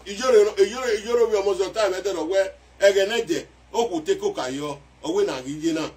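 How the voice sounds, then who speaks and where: A Nigerian man delivers casual, excitable commentary on a song, often repeating his lines for emphasis. His voice sits a little high for a man. He is some distance from the microphone, so the sound is slightly distant. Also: fast. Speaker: music commentator.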